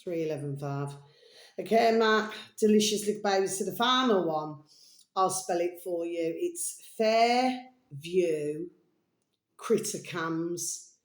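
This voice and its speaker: The woman's voice is fairly low and animated, at a normal speed, in a reverberant space. Hosting a chatty vlog, she rambles between topics with affection, calls viewers "babies," and hums and sings bits of tunes.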